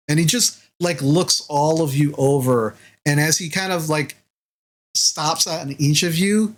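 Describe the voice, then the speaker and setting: A man's voice: on the high side, poor audio. A man narrating as game master of a tabletop role-playing game, talking in a loose, rambling way full of fillers.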